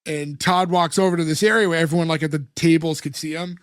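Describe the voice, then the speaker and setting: High-voiced man recapping an episode. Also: fairly even intonation, quick pace, few pauses, dry recording, studio quality. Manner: long retellings with many fillers and acted quotes. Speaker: podcast co-host.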